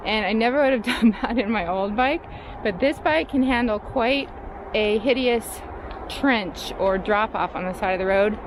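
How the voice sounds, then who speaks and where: A woman chatting casually while reviewing her bike outdoors, laughing often and poking fun at herself. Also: mid-range voice. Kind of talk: casual chat while riding. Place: outdoors on trails and roads. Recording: noisy outdoor recording.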